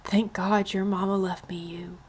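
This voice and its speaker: A woman voicing a grieving preacher father in a read-aloud storybook, speaking slow and soft. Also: medium pitch, close to an everyday voice. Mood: tender.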